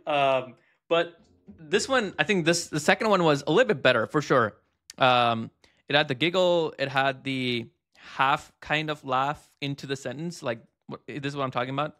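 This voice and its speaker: Bright-voiced man casually reviewing software. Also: on the high side. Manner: chatty, thinking aloud with fillers and quick asides. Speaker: host reviewing text-to-speech tools.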